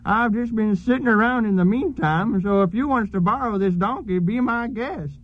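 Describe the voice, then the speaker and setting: A man's voice: sits high, moderate pace, close to an everyday voice. Man doing a folksy country hick guard. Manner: drawling country hick talk. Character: folksy rural male guard, easygoing and helpful. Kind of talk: radio comedy acting. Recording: dull lo-fi radio recording.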